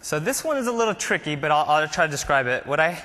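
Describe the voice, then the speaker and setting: A man's voice: fairly high pitch, sing-song, fast talker, bright, forceful tone, in a large hall. A man presenting a live coding demo at a conference, talking casually with fillers as he types. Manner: casual, explains while typing, frequent fillers.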